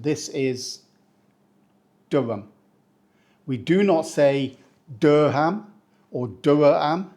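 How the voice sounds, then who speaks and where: A man from England, a teacher giving a playful pronunciation lesson who slows down to say each word. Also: on the high side, mellow. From northeast England. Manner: playful, slows down to spell out words. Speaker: English teacher.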